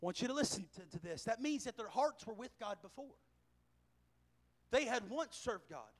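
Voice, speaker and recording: A man preaching a sermon, telling a scripture story with animated delivery, chuckling and raising his voice for emphasis. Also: extremely high pitch, normal speed. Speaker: pastor.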